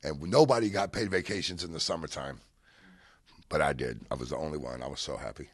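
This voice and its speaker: A man in a casual interview, telling anecdotes in a lively way, swearing freely and acting out the voices of people he quotes. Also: a bass voice, brisk, breathy edge, no echo, clean studio sound. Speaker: interview guest, car rental businessman.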